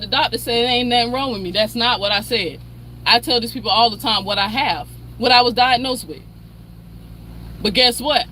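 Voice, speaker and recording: On the high side and sharp in tone, a woman hosting a commentary channel rants heatedly, with a little hiss or hum in the background. She's profane and confrontational, repeating a name as she calls that person out.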